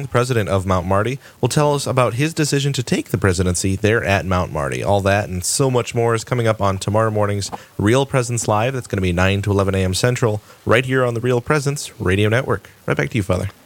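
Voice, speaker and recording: A man with a slightly low voice reads promos as a radio co-host. He moves through the lineup at a rapid clip. His delivery is upbeat and practiced. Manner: upbeat, brisk announcer read. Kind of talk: reading show promos.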